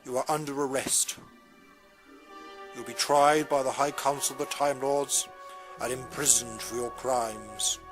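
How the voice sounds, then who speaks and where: A man's voice: mid-range voice, fairly even intonation, measured pace, music in the background, voice pushed down, lightly acted. A man doing a stern Time Lord guard. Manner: formal, commanding. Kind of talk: fan-made action figure drama.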